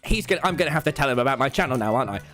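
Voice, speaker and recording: A young man in his late teens with a British accent, telling a rambling, animated story-time tale to his viewers and acting out the quotes. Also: mid-range voice, very fast, music in the background. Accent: British English. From Britain. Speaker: YouTuber and streamer.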